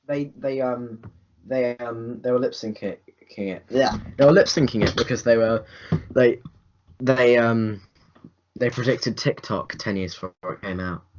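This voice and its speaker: A young man co-hosting a casual film review podcast, rambling with restarts and lively put-on quotes. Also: mid-range voice, unhurried, a little hiss or hum. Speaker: podcast co-host. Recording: dull lo-fi home recording.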